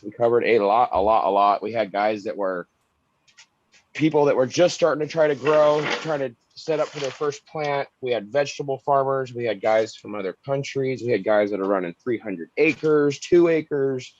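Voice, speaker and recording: A man's voice: medium pitch, normal speed, a little mellow, a little hiss or hum. A tired man talking about the class he taught, repeating himself emphatically and swearing. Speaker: guest grower who teaches classes. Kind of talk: casual chat on a video call. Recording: dull dry call audio.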